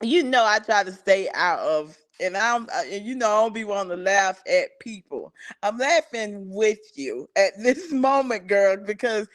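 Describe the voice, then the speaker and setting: A woman's voice: mid-range voice, expressive, normal speed, hardly any pauses. A woman, co-hosting a casual chat with giggly, reactive remarks. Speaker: co-host.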